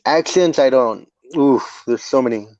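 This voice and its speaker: A man's voice: medium pitch, unhurried, darkish tone, no room sound, muffled recording. A man chatting as a podcast guest, easygoing and self-deprecating. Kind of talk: casual chat.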